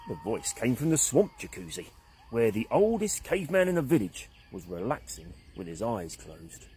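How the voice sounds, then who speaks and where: A man narrating a children's story in an animated, expressive way. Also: medium pitch, moderate pace, slightly rough.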